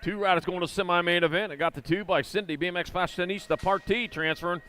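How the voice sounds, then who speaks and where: A man's voice: high-pitched, fairly even intonation, pushed and bright, a little hiss or hum. A man announcing live BMX races in an indoor arena, rattling off rider names and moto numbers with corny jokes between heats. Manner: rapid-fire rider call-outs with corny jokes. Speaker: race announcer. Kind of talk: live race commentary.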